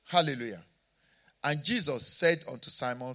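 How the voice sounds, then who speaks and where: A man with an African accent, a pastor preaching a sermon, moving between quiet asides and shouted declarations. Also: mid-range voice, brisk.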